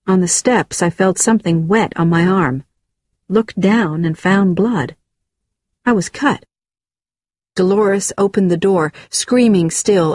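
A woman giving a measured, scripted narration of a first-person memoir. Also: on the low side, no echo.

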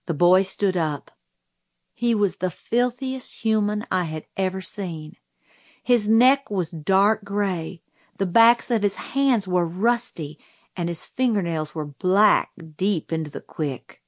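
A woman reading a novel aloud as a storybook narrator, in a measured, deliberate way. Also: mid-range voice, animated, dry recording, studio quality. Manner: slow, measured, deliberate delivery. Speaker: audiobook reader.

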